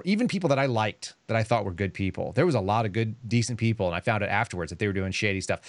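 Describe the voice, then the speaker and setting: On his casual podcast, a man spins stories with quick, blunt sarcasm. He speaks at medium pitch with no room sound at all.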